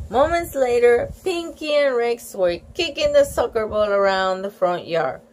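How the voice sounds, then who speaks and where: A woman's voice: fairly high pitch, expressive, measured pace, hardly any pauses, a little hiss or hum. A woman reading a children's picture book aloud, with gushing, giggly asides between pages. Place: home room with a fan running.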